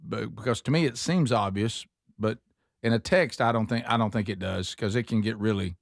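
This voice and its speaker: A man's voice: on the low side, normal speed, gravelly, dry recording, studio quality. Folksy male talk show host. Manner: folksy, filler-heavy, calls co-hosts by name. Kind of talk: casual morning show banter.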